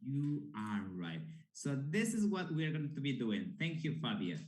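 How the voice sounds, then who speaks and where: A man's voice: mid-range voice, big pitch swings, a little mellow. Male teacher coaching intonation, echoey room. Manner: slow, emphatic coaching, models intonation. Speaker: English teacher. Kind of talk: classroom lesson.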